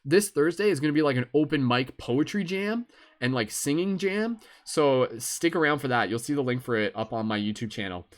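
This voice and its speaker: A man's voice: a little high, lively intonation, a little fast. A young man with a Canadian accent hosting a live stream, chatting casually and rambling with lots of fillers. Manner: laid-back, rambling, with many fillers.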